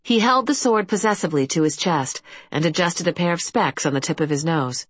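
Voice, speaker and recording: A woman narrating an audiobook in a steady, even storytelling manner. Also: on the low side, brisk, breathy edge, no echo. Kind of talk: scripted fantasy narration.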